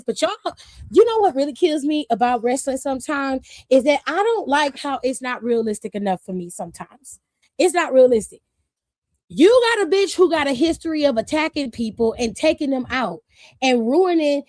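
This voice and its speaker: A high-pitched woman hosts a casual livestream, talking to her viewers in a blunt, sassy way. She swears freely and laughs often. Her voice is close and dry, with no room sound around it. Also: a little mellow, dry recording. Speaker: streamer host.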